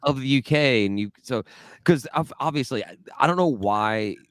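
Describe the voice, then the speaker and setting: A man's voice: mid-range voice, expressive, normal speed, fairly bright tone, no room sound, studio quality. A man from the American South co-hosting a podcast, joking, blunt and opinionated. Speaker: podcast co-host. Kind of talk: casual banter.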